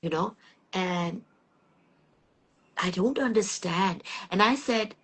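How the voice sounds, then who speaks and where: A woman's voice: mid-range voice, slow, long pauses, slightly rough. A middle-aged woman hosting a podcast, telling a personal story candidly and earnestly in a reflective, conversational way. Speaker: podcast host.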